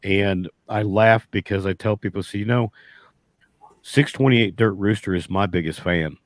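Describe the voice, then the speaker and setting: A man's voice: on the low side, moderate pace, no echo. A man, a beekeeper guest telling a long folksy story in casual chat, rambling and restarting often.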